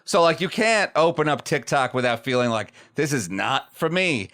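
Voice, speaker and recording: A man's voice: fairly high pitch, expressive, normal speed, sharp tone. A man co-hosting a comedy podcast, sarcastic and full of "like" fillers. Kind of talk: casual comedic podcast chat.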